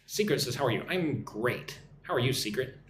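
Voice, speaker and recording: Lively American man teaching English in an echoey room. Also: mid-range voice, background noise. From Texas, United States. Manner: chatty, repeats phrases slowly for learners. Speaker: English teacher hosting a live stream. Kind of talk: live-stream English lesson reading chat comments. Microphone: phone or computer mic for live stream.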